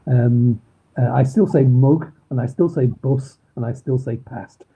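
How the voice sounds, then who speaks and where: A man's voice: medium pitch, fairly quick, mellow. A middle-aged man with a Manchester accent, a crime novelist chatting in an interview, rambling with lots of ums and restarts. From Manchester, England. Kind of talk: casual interview chat. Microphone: video call. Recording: husky, phone-like video call audio.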